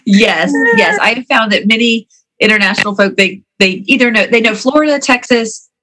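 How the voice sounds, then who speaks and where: A woman's voice: fairly high pitch, lively intonation, pushed and bright, poor audio. A woman guest on a podcast, talking casually with eager enthusiasm about her work as a teacher and coach. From Atlanta, Georgia, USA. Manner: eager and enthusiastic, quick laughs. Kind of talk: casual interview talk.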